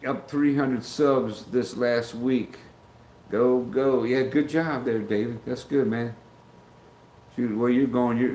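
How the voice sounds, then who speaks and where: A man's voice: on the low side, a little mellow, a little hiss or hum. A middle-aged man hosting a casual livestream, rambling as he greets chat viewers by name. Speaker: livestream host. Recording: roomy with faint background ambience.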